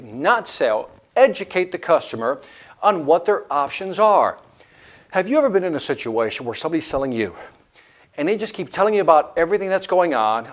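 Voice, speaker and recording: A man teaching a sales lesson in an animated way, acting out what the customer thinks. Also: sits high, a little fast. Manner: animated, acts out customer lines. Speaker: sales instructor. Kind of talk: instructional lecture.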